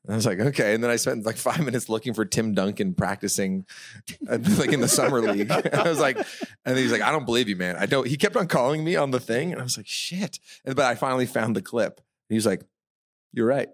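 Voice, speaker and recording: A man's voice: medium pitch, fast, no echo, studio quality. A man co-hosting a live podcast, telling self-mocking stories and laughing often as he goes. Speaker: podcast co-host. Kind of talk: casual storytelling on a live podcast. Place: festival stage before a live audience.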